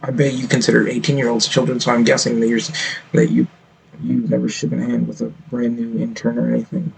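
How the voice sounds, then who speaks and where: A man's voice: medium pitch, flat delivery, quick pace, gravelly, a little hiss or hum, low-quality recording. A man streaming his reactions to videos, ranting bluntly and with plenty of swearing. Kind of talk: reaction commentary.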